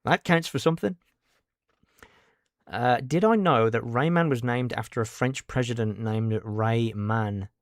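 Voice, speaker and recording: A man's voice: medium pitch, measured pace, dry recording, clean studio sound. A man chatting casually on a game livestream, rambling and answering his chat. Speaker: game streamer.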